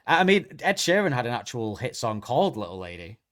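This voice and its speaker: A man's voice: mid-range voice, very animated, quick pace, fairly bright tone. A man co-hosting a podcast, chatting casually and rambling, often restarting sentences and searching for words. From Britain. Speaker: podcast co-host. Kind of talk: casual chat.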